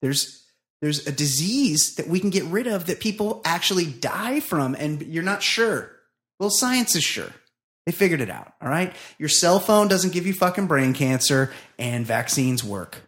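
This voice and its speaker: A man's voice: a little high, sing-song, measured pace, a bit bright. A man co-hosting a comedy podcast, talking loosely and crudely and reading listener emails aloud. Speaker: podcast co-host.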